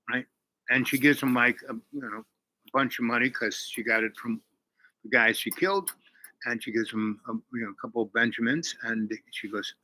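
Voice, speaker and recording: A man's voice: medium pitch, moderate pace, pushed and bright, no room sound, low-quality recording. A man casually retelling a movie plot, rambling with many fillers and restarts. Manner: rambling, full of "you know" and restarts. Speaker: channel host.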